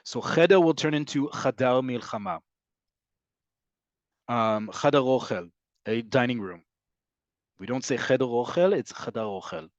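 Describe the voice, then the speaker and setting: A man's voice: mid-range voice, a little slow, pauses often, no room sound. A man teaching an online class, patiently explaining and answering questions with frequent fillers and "right?" checks. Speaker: Hebrew teacher. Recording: dull lo-fi dry audio.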